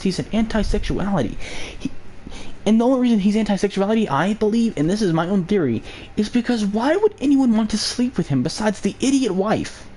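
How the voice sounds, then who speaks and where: A man's voice: high-pitched, dark tone, slight background noise. A man hosting a live online broadcast, rambling through mocking commentary in a sarcastic, chatty way and laughing at his own jokes. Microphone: home microphone.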